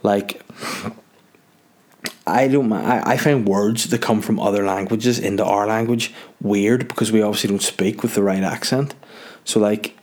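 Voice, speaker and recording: Young Northern Irish man, slightly low voice, for a loose, self-mocking solo podcast monologue. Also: fairly even intonation, moderate pace, darkish tone. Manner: rambling, jokey, self-mocking. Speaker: podcast host. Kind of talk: casual solo chat.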